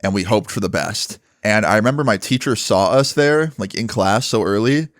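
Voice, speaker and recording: A man's voice: lowish voice, normal speed, dry recording, clean studio sound. A man narrating a storytime in a casual, chatty way, swearing freely.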